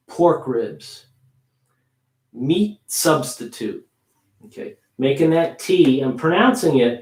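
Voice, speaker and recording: A man teaching English pronunciation on a livestream, repeating words slowly for practice. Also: fairly high pitch, a little mellow, roomy sound.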